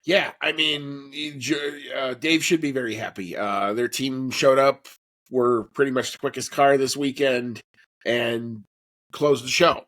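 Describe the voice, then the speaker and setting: A man co-hosting a podcast, chatting in a relaxed, rambling way with fillers. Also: mid-range voice, unhurried. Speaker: podcast co-host. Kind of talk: casual chat.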